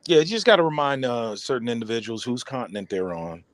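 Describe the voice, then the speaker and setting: Lively man chiming in, dry sound. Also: medium pitch, quick pace, no room sound. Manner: agreeing, with short interjections. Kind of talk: casual live audio chat.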